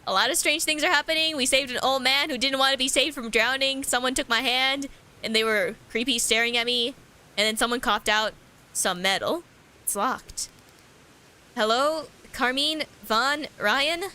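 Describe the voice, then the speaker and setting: A woman's voice: high-pitched, normal speed, bright, forceful tone. A woman streamer reading a horror visual novel aloud in different voices, with joking asides. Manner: reads all characters aloud, joking asides. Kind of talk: let's-play reading with commentary.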